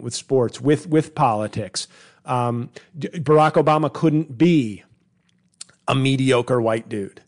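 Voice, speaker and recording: Male comic, middle-aged, solo podcast host; rambling, self-interrupting delivery with quick mock voices, average pitch.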